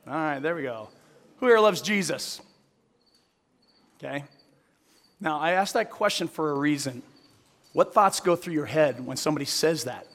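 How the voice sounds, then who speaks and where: A man's voice: a little high, fairly bright tone. A man preaching a sermon to a live audience, telling a story and then asking the audience earnest direct questions. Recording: long hall reverb.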